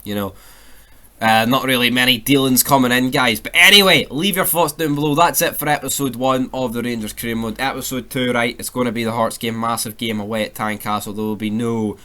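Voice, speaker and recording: A man's voice: medium pitch, steady tone, fairly quick, a bit bright. A young Scottish man giving sweary, ranting casual commentary over a football video game career mode. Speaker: gaming YouTuber.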